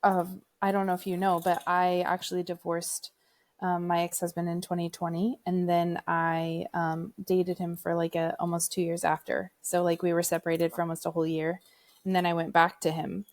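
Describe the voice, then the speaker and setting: A woman's voice: fairly low pitch, flat delivery, moderate pace. A woman hosting a casual conversation, supportive and open as she shares her own story. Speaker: host.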